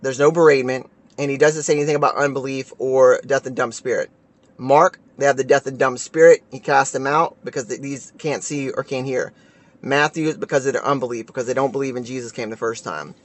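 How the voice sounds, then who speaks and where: A man walks through a scripture passage in an informal teaching voice, reading verses aloud and often tagging his points with "right?". His pitch sits in the ordinary middle range for a man. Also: fairly even intonation, a little fast. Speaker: Bible teacher. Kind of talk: casual Bible study talk.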